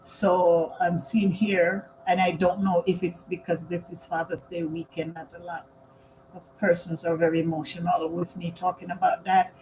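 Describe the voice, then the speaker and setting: A middle-aged woman live-streaming on her computer at home, talking slowly and earnestly about caring for her father and often repeating herself. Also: fairly low pitch, little pitch movement, darkish tone, a little hiss or hum, rough recording. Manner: slow and earnest, repeats phrases. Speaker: vlogger and family caregiver. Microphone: computer microphone.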